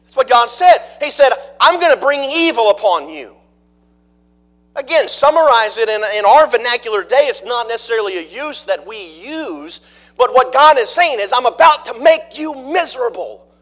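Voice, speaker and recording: A man's voice: very high-pitched, lively intonation, normal speed, a bit bright. A middle-aged man preaching a sermon in a conversational way, asking the congregation questions as he explains a passage. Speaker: pastor.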